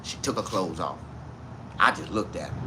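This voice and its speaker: A man in his forties tells a crude, rambling comic story, often laughing at his own punchlines. His voice is deep, his pace moderate, and there's background noise.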